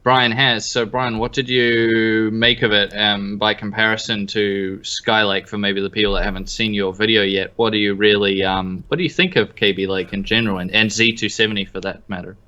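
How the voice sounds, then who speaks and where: Kiwi guy cohosting a tech chat, bright edgy voice, lowish, jokey and halting. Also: level tone, clean tone, lo-fi sound. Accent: New Zealand. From New Zealand. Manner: easygoing, joking, halting restarts. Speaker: podcast co-host.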